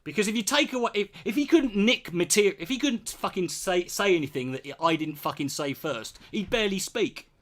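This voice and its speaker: A man's voice: high-pitched, expressive, fairly quick, few pauses, a bit bright. A British man in his forties, ranting bluntly and sarcastically with heavy swearing while answering his chat. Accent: British English. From Britain.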